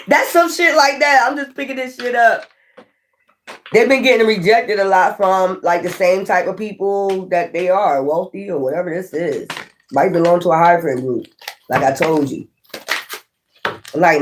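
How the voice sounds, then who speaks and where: Swearing freely and laughing often, a tarot reader keeps things casual while acting out imagined characters in quick asides. The voice sits in the mid range.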